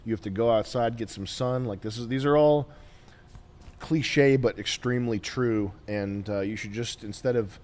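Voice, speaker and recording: A man's voice: mid-range voice, normal speed, a little mellow. A man hosting a podcast in crude, blunt, rambling casual chat. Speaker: podcast host.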